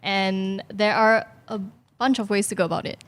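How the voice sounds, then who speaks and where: A woman, a guest in a casual chat, explaining things in a measured way. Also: mid-range voice, steady tone, clean tone.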